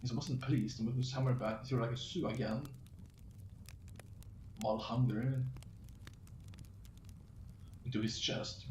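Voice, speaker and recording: A man's voice: medium pitch, steady tone, measured pace, long pauses, a little mellow. A man reading his own fantasy story aloud, stumbling and restarting words as he goes. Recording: roomy, distant mic with faint noise.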